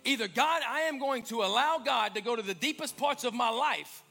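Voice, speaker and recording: A man preaching a sermon as pastor, swelling to emphatic peaks and dropping to hushed lines. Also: very high-pitched, moderate pace, vocal fry, soft background music. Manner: preaching with rising, emphatic swells and quiet drops. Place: church sanctuary.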